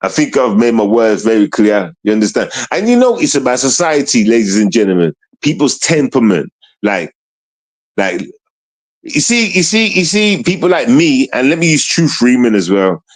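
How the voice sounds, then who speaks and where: A man's voice: mid-range voice, big pitch swings, moderate pace. A man, ranting on his livestream in street slang and repeating himself. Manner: repetitive, confrontational street slang. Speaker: streamer.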